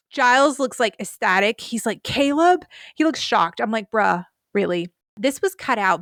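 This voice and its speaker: With a fairly high, fairly bright and clean voice, a woman co-hosts a podcast in dry, clean studio sound. She chats casually and animatedly while recapping scenes and reading out lines.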